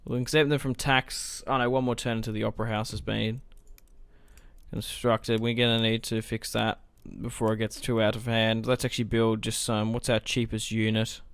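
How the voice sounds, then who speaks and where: A man's voice: on the low side, flat delivery, normal speed, a bit bright, clean tone, dry recording. A young man giving casual, rambling let's-play commentary as he plays, thinking aloud and swearing now and then. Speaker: gaming let's-play host.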